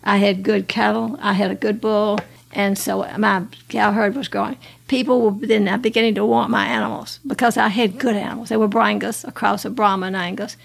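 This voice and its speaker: An earnest life story comes from a woman in her 80s from Alabama, a guest sharing her testimony. She talks fairly quickly in a level, medium-pitched voice that is gravelly with a breathy edge, with occasional restarts and laughs.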